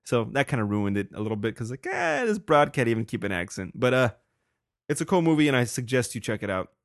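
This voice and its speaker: A young man rambles through his solo podcast, cursing freely and laughing at his own asides. His voice sits at an ordinary middle pitch. It is recorded dry and close, with no room sound. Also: big pitch swings, fast talker, no room sound. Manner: profane, rambling, laughs often. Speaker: podcast host. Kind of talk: casual solo podcast talk.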